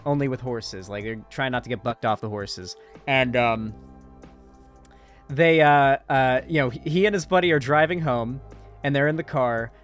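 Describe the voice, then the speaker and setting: This fairly bright, mid-range male voice belongs to an online commentator. He recaps a movie with casual, sarcastic political commentary that's profane and packed with fillers and restarts.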